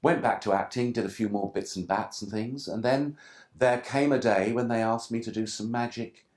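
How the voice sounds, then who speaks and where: A man's voice: mid-range voice, moderate pace, a little mellow. An older man from England, telling self-deprecating stories as an interview guest, with frequent restarts and asides. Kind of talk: relaxed anecdotal interview talk.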